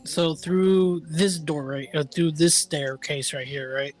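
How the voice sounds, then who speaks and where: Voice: medium pitch, steady tone, slow, faint music behind, low-quality recording. A player in a tabletop role-playing game who keeps pestering the others with questions.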